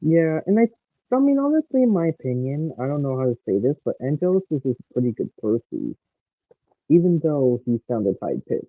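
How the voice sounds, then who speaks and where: A man chats casually, tossing out offhand opinions. His voice sits a little high with a lively pitch, coming through a dry, tinny phone-like line. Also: normal speed, dry recording. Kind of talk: casual chat.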